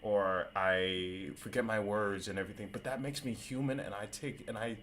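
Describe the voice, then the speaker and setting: A man hosting a podcast in casual chat, who stutters and searches for words, animated and quick to laugh. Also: on the low side, slight background noise. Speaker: podcast host.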